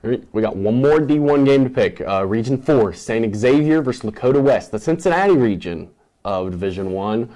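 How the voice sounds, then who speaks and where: A man's voice: medium pitch, expressive, brisk, mellow, rough recording. Male host, casual sports talk, confident game picks. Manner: rattles off matchups and confident picks.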